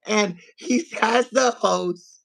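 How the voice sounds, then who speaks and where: A man co-hosting a podcast, telling a family story in animated casual chat and acting out his relatives' voices. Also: high voice, slow pace, vocal fry. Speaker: podcast co-host.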